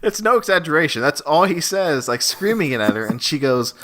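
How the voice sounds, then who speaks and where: Lively, bright-voiced laughing man. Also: on the high side, fairly quick, slight background noise. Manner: animated, laughing storyteller. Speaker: podcast co-host. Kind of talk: casual film podcast chat.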